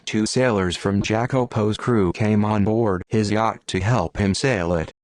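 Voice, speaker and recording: A man reads an audiobook in a low, steady voice. The recording is dry and close, with no room sound. His delivery is even and unhurried. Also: dry recording. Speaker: audiobook narrator. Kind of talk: scripted narration.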